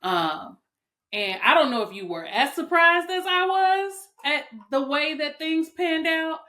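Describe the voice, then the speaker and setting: A woman's voice: high-pitched, lively intonation, unhurried, sharp tone. A woman hosting a podcast, talking candidly and bluntly, with frequent swearing and open emotion. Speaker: podcast host. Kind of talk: candid casual chat.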